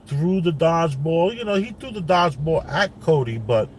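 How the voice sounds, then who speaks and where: Man, fairly high voice, casual rambling storyteller, talking from a car, faint engine hum behind. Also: lively intonation, normal speed. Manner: rambling, lots of like and you know, repeats himself. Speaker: father telling a family story. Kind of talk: casual storytelling while driving. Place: inside a car.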